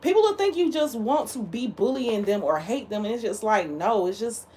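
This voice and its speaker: A woman's voice: a little high, expressive, moderate pace, dark tone. A woman hosting a livestream, talking casually in a blunt, heated and emphatic way. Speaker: livestream host.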